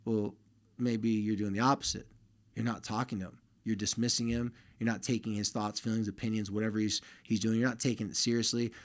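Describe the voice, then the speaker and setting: A man's voice: fairly low pitch, level tone, brisk. A man hosting a podcast, talking straight to listening fathers in a casual, direct way and giving advice on relationships with their sons. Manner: direct and conversational, speaking straight to listening dads.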